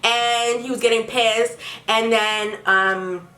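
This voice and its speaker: A young woman vlogger telling a casual storytime, animated and profane, often breaking into laughter. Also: a little high, slow pace. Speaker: beauty vlogger. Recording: roomy with faint music.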